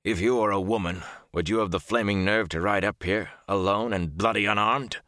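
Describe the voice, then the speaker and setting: A man voicing a gruff, cursing one-eyed soldier. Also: on the low side, moderate pace, pushed and bright, no echo, studio quality. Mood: scornful. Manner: blunt, swearing.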